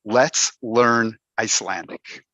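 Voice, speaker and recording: A man's voice: medium pitch, slow, bright, forceful tone, dry recording. A man giving a playful, humorous talk to a Toastmasters club over a video call, putting on mock dismay as he goes. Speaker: Toastmasters speaker. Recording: dull, dry video call audio.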